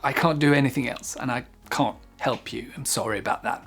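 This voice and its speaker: A man with a French accent, a native French speaker, teaching English phrases in a casual video lesson, speaking slowly and articulating carefully with frequent ums. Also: a little high, lively intonation, a bit bright, faint music behind.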